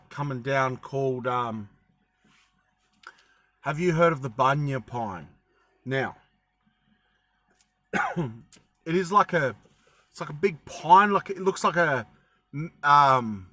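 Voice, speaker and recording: A man's voice: on the high side, bright, forceful tone. A young man chatting casually to camera, rambling with lots of ums and restarts, with a bit of a cough. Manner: rambling, many ums and self-corrections. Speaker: travel vlogger.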